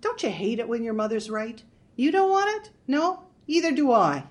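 A woman's voice: fairly high pitch, steady tone, fairly quick, pitched above the performer's own voice, close to an everyday voice. A woman voicing a bitter, sarcastic middle-aged housewife in an audiobook story, talking in an exasperated, sardonic way. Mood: scornful.

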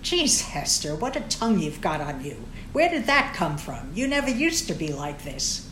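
A woman's voice: low-pitched, very animated, normal speed, a bit bright, slight background noise. A woman reading the lines of an estranged middle-aged husband who sounds exasperated and pleading. Her voice is roomy. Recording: roomy echo.

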